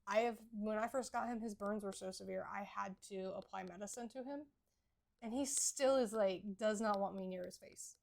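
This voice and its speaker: A woman's voice: mid-range voice, moderate pace, gravelly, darkish tone. A woman co-hosting a casual podcast chat about horses, earnest and explanatory as she gives advice. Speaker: podcast co-host.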